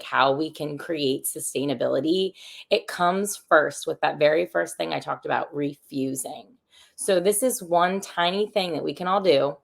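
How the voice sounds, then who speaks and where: A young woman talks loosely and chattily as a podcast host, wandering off into asides and fillers. Her voice sits low, with a gravelly fry running under her words. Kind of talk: casual chat.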